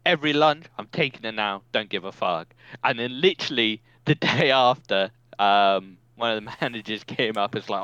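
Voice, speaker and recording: A young man with a low, bright and forceful voice, chatting loosely on a podcast. His telling is laid-back, full of swearing and laughs, and the sound is dry and close with no room around it. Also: fairly quick, clear, resonant tone, no echo, highs cut off. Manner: laid-back storytelling, swears often, laughs through stories. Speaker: podcast co-host. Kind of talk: casual chat.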